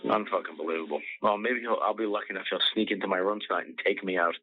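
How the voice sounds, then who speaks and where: A man's voice: fairly low pitch, fairly even intonation, very fast. Profane ranting man on tinny audio. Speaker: comedian host. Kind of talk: casual podcast chat.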